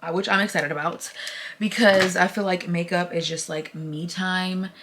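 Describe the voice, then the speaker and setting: A young woman vlogging to camera, tired and teary-eyed, her slightly low voice running on in loose casual chatter full of "like" and "y'all". She sounds worn out but keeps talking freely. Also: steady tone, moderate pace, noisy background. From United States. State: tired, close to tears.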